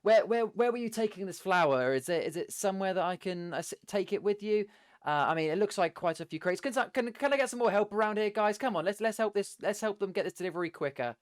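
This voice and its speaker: A man voicing an over-the-top adventurer who keeps apologizing loudly. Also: high voice, expressive, fast, clean tone, pitched above the performer's own voice. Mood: gushing, theatrical. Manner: loud, gushing, theatrical.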